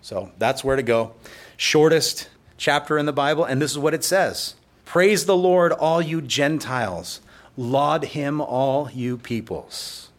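A man's voice: fairly high pitch, a little slow. Man preaching a chatty Bible sermon. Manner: conversational Bible teaching with playful asides. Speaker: pastor. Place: church.

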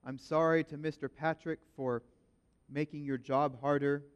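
A man's voice: a little high, fairly even intonation, normal speed, smooth, lightly acted. A man doing a stammering, sheepish teenage boy. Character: awkward nervous teenage boy student.

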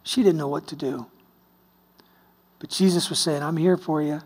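A man from the United States preaching a sermon, telling a story, swinging between hushed and exclaiming. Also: a little high, fairly even intonation, moderate pace, breathy edge. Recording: long hall reverb.

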